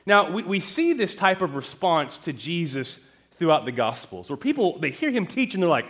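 A male pastor delivers an expository sermon in a fairly high voice with a lively, wide-ranging pitch. He peppers his teaching with rhetorical questions and swings between raised emphasis and quiet, hushed lines. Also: normal speed. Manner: jokes lightly with the congregation.

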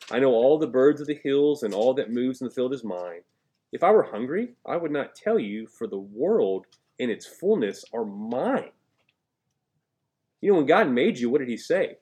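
Here a pastor with a mid-range voice, big pitch swings, a dark, breathy tone and moderate pace delivers a conversational sermon. He reads scripture emphatically, puts questions to his listeners, and jokes and laughs.

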